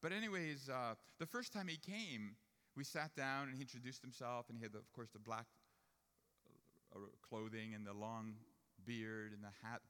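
A man's voice: mid-range voice, moderate pace, sharp tone, clear, resonant tone, long reverb tail. A man preaching a sermon, telling a personal story and then building to emphatic points about faith. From Jewish family upbringing.

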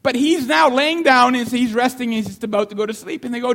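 A man preaching a sermon in an animated way, often repeating key lines for emphasis and acting out voices in the story. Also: very high voice, fast talker, hardly any pauses. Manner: animated, acts out the disciples' shouting.

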